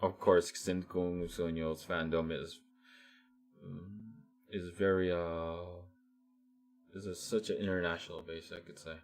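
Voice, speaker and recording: A man's voice: low-pitched, little pitch movement, unhurried, faint music behind. A man vlogger giving casual, rambling commentary with many restarts and fillers.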